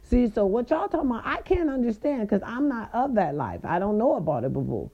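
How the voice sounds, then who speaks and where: A woman hosting a podcast, telling a story in a casual, sassy way and swooping her voice up high for emphasis. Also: big pitch swings, fairly quick, slightly rough, muffled recording. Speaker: podcast host.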